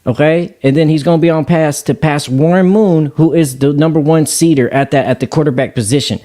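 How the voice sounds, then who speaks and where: A man's voice: on the high side, a little fast, dark tone. Earnest ranting podcast man. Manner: earnest, ranting fan talk. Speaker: podcast co-host. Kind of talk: casual sports podcast chat.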